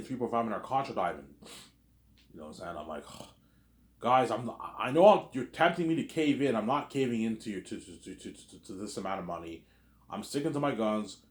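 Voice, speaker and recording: A man's voice: fairly low pitch, lively intonation, brisk. A man acting out an imagined argument by himself, playing every side in an over-dramatic, repetitive way. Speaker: video creator. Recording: roomy echo.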